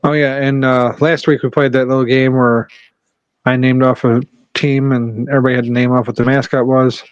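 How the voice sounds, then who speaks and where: A man's voice: medium pitch, flat delivery, a little fast, smooth, lo-fi sound. A man hosting a casual sports podcast, brash and swearing freely as he calls for each panelist's picks. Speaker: podcast host.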